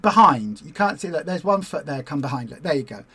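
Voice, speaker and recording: Woman, chatty livestream host, rambling, lively asides, casual. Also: low voice, a little fast. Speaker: host of a weight-loss support group.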